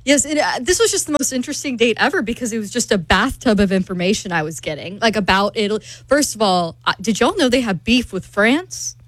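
A young woman co-hosting a radio show, telling a dating story in an animated way. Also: a little high, fast talker, few pauses, no room sound. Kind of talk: casual chat.

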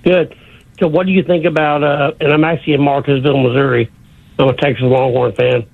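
Gravelly male caller on a tinny phone line. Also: a little high, little pitch movement, fairly quick, no room sound.

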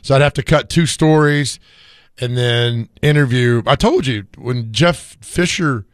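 A middle-aged man hosting a casual sports radio chat, slightly hoarse from screaming, telling stories with frequent laughter. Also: mid-range voice, a little slow, no room sound, clean studio sound. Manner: animated storyteller, laughs often.

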